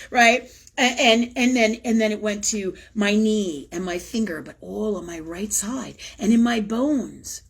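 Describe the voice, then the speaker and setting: A woman's voice: medium pitch, a bit bright, breathy edge. A woman hosting a spiritual livestream, talking through a personal story in an intense, emotional way, swearing freely and repeating phrases for emphasis. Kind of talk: personal confessional monologue.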